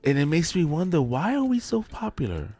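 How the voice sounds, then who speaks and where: A man's voice: fairly high pitch, huge pitch swings, brisk, a little mellow. A man co-hosting a podcast in loose, joking casual chat, laughing often. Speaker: podcast co-host.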